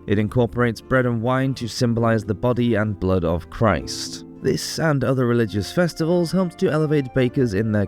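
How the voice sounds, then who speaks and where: A man narrating a scripted history documentary in a clear, explanatory way, with the odd casual joke. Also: mid-range voice, a little mellow. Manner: clear explanatory delivery with casual jokey asides.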